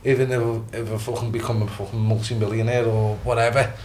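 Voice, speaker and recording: A man's voice: on the low side, little pitch movement, a little fast, darkish tone, a little hiss or hum. A man with a Liverpool accent, a boxer chatting casually as a podcast guest, rambling and swearing often. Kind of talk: casual chat.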